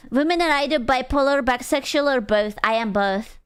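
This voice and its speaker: A woman's voice: high-pitched, moderate pace, clear, resonant tone. A young adult woman streamer chatting casually and crudely with her chat, teasing and playful. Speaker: VTuber streamer.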